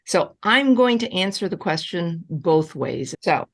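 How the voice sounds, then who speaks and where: A woman relationship coach answering audience questions in a live online session, speaking emphatically and repeating key reassurances. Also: a little slow. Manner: animated, with wide swings in pitch.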